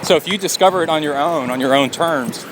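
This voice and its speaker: A man's voice: fairly high pitch, fast. A man hosting a podcast, telling a rambling story while out running on a road, acting out the people he quotes. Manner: rambling, acts out quotes in voices. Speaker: podcast host and coach. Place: outdoors on a road, running with his dog. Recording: outdoor street noise and traffic. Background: passing traffic.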